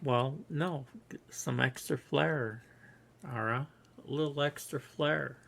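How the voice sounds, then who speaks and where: A live-stream host chatting casually, hesitant and halting, stopping often to spell out names. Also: medium pitch, vocal fry, fairly bright tone. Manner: hesitant, halting, with many fillers.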